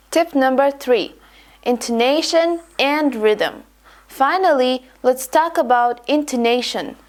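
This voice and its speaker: Woman, accent coach, scripted lesson, fairly high voice, upbeat delivery.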